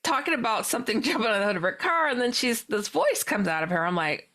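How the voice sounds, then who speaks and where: Gravelly-voiced woman telling an animated story. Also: on the high side. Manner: acts out dialogue with quick quotes and laughs. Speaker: paranormal author and guest.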